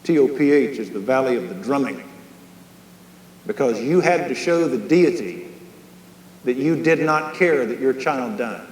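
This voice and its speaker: A man teaching a Bible study as a sermon, impassioned, swinging from hushed tones to raised, emphatic lines. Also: medium pitch, animated, measured pace, pauses often. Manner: leads a closing prayer. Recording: echoey hall, faint hum, 1990s.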